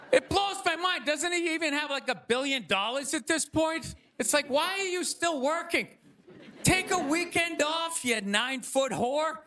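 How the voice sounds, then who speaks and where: A male stand-up comedian ranting with exasperated bursts of shouting, on stage before a live audience. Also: very high voice, normal speed, a crowd in the background. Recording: audience laughter and noise.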